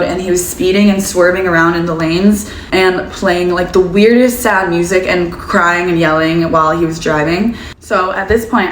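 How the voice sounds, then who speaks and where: Young woman, story-time vlog, casual, lowish voice, echoey room. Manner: casual, chatty, many "like" fillers. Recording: echoey room, faint background noise.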